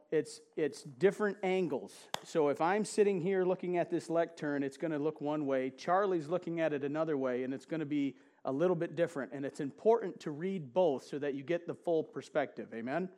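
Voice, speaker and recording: A man preaching a sermon to a congregation, chatting and asking them questions, then reading scripture slowly with emphasis. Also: a little high, a little mellow. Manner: conversational, asks the congregation questions, laughs often. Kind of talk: sermon with audience interaction. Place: church sanctuary with a congregation.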